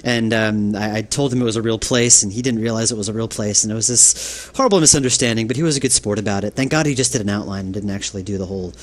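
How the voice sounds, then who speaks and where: A game developer from New York giving a rambling commentary, full of fillers and restarts. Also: male voice, lowish voice, fast talker, few pauses.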